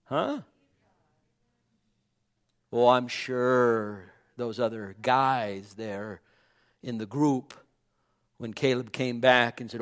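A male pastor gives a fervent sermon, alternating loud calls with quiet whispers and repeating phrases to cries of amen. His mid-range voice holds a steady tone, moving very slowly with long pauses.

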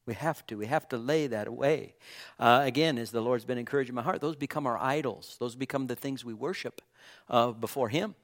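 A man preaching a sermon in an earnest way, his voice dropping low and soft on key phrases. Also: a little fast.

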